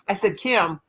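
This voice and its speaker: A woman's voice: medium pitch, a bit bright, slightly rough, rough recording. A woman in her fifties hosting a live stream, telling candid, rambling stories in casual chat. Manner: blunt, candid rambling storyteller.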